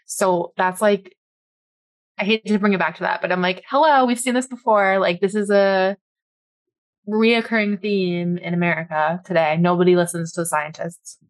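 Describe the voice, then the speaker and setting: A woman's voice: mid-range voice, steady tone, normal speed. A woman co-hosting a podcast, talking casually with an exasperated, opinionated edge. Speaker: podcast co-host.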